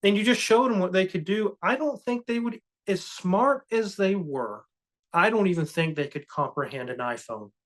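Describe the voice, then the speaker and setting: A man's voice: high-pitched, expressive, normal speed. A man co-hosting a podcast, talking in an earnest, cautious, reflective way in casual chat. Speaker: co-host.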